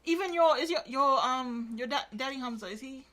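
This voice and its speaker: A woman's voice: sits high, a little fast, fairly bright tone. A woman co-hosting a casual podcast, rambling with lots of filler words as she retells stories. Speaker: podcast co-host.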